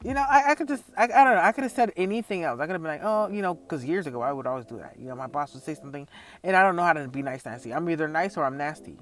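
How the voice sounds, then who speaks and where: High-voiced man ranting profanely. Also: very fast, faint music behind. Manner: profane, animated, laughs often. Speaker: vlogger. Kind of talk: casual storytelling rant.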